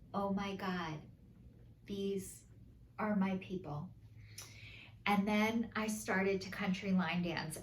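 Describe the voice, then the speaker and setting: A woman's voice: mid-range voice, a bit bright. A woman casually reading oracle cards aloud and talking to her viewers in a chatty, emotional way. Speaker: oracle card reader. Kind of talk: casual spiritual card reading. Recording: roomy with faint ambient noise.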